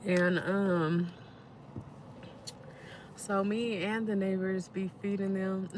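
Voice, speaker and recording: A woman, telling stories in a relaxed way as she chats to viewers on a live stream. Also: mid-range voice, slow, pauses often, slight background noise. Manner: relaxed storytelling, talks straight to viewers. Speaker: livestream host. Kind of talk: casual live-stream chat while eating.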